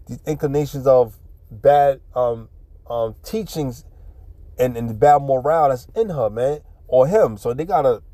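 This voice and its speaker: A man's voice: mid-range voice, dark tone, dry recording. A man teaching scripture in an informal, street-talking way, reading verses and then explaining them bluntly with profanity and frequent repetition.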